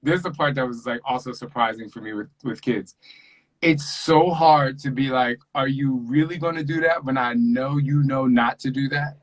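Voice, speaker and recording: A man chatting earnestly about fatherhood, animated and acting out quotes as a guest on a video call. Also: medium pitch, normal speed, rough recording. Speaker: podcast host and father, interview guest. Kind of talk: casual interview chat.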